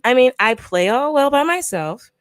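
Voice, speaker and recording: A woman hosting a casual livestream, talking excitedly to her viewers and swearing freely. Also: high voice, moderate pace, no echo. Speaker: livestream host.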